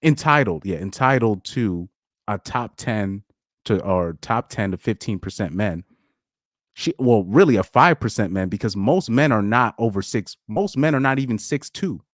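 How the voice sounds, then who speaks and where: Rambling, animated man on a live stream. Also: lowish voice, moderate pace, no room sound, clean studio sound. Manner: animated, rambling, laughs a lot, repeats words. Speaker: podcast host. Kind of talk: casual live stream chat.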